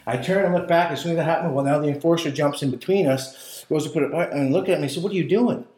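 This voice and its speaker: A man telling a long story in casual chat, profane and animated, acting out quotes. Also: fairly high pitch, fast. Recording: roomy echo.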